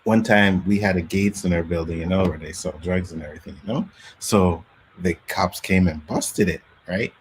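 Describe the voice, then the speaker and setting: A man hosting a casual talk show, telling street stories from his youth in Canada with lively acted-out quotes. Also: deep voice, normal speed, slight background noise. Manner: animated storyteller, acts out quotes. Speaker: podcast host. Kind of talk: casual storytelling chat.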